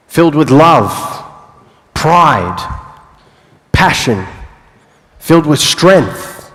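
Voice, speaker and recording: Male speaker, young adult, motivational talk, unhurried pauses, reverberant hall. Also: on the high side, a bit bright, slight background noise. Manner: dramatic storytelling with long pauses and playful asides. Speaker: speaker telling his life story. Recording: live hall with long reverb.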